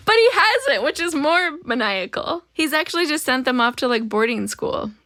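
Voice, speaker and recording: A woman's voice: high voice, very animated, moderate pace, pushed and bright, no room sound, studio quality. A woman co-hosting a casual podcast about a short story, laughing often and acting out the characters in silly voices. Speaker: podcast co-host. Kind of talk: casual book chat.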